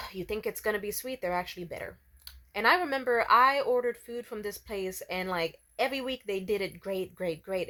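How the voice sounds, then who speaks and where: A woman telling a story in a casual rant, swearing freely and acting out what people said in raised voices. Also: a bit bright. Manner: profane, exasperated, acts out quotes in high voices.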